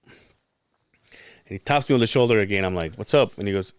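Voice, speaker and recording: A man with a fairly low voice tells a rambling, profane story on a podcast and acts out each person's lines. The sound is dry and close, with no room in it. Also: quick pace, pauses often, dry recording. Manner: profane, animated storytelling with acted-out quotes. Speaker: podcast co-host. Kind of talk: casual storytelling chat.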